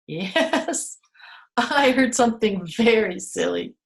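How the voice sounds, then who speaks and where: Woman, children's storytime presenter, unhurried, playful, hushed whispers, gentle instructions. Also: mid-range voice. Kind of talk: children's storytime and craft demonstration. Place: at a table with craft supplies. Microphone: camera she moves herself.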